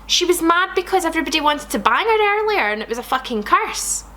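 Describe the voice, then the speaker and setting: A young woman comedian reading bad fan fiction aloud, animated and sarcastic, swearing freely. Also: extremely high pitch, a little fast. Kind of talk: comic read-aloud.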